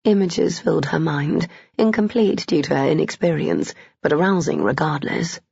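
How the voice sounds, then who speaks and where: Husky, gravelly woman narrator. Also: low voice, expressive, normal speed, darkish tone, no room sound. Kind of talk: audiobook reading of a romance novel. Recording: dull, dry, lo-fi.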